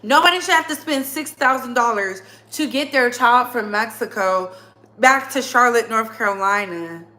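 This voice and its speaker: A woman with a high, bright voice delivers a heated commentary monologue. She speaks bluntly and hammers her points home by repeating phrases. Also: moderate pace. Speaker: commentary channel host.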